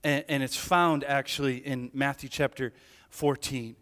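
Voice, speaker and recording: A man preaching a sermon as a pastor, animated, moving between hushed lines and emphatic peaks, with many restarts and asides. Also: medium pitch, a little slow. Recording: hall reverb.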